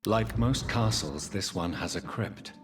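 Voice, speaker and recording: An actor playing a brooding male doctor in a video game, speaking in a grave, measured way. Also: low-pitched.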